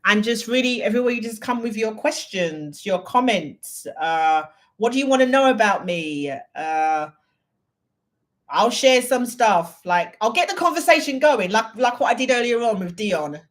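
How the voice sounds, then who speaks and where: Casting note: English woman, somewhat high voice, rambling live-stream host chatting with viewers. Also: animated, normal speed. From United Kingdom. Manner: chatty and rambling, reading viewer comments aloud. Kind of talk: unscripted live Q&A chat.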